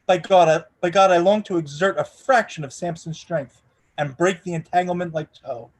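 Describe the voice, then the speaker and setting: A man reading the part of a passionate, brooding gentleman in an audiobook, with an impassioned, pleading delivery. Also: a little high, normal speed, natural voice. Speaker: reader in a charity readathon.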